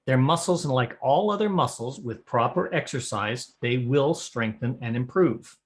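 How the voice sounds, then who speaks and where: A man's voice: medium pitch, animated, moderate pace. Man teaching square dance callers, folksy. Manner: folksy, practical, demonstrates breathing as he explains. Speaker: square dance calling instructor. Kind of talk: spoken lesson to a camera.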